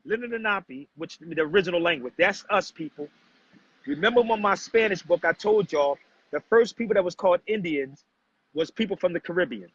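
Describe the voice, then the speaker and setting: Male streamer, high pitch, confrontational and preachy, dull lo-fi sound. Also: lively intonation, moderate pace, husky, dry recording. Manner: preachy, confrontational, addresses chat as family. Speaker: livestream host. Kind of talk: casual livestream talk to viewers. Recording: dull, muffled lo-fi livestream audio.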